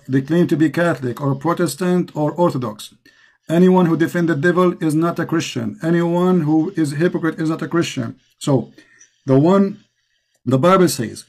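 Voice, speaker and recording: A man's voice: fairly high pitch, normal speed, a little mellow. A man with an Arabic accent preaching with passion and repetition to a caller as the host. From Middle East.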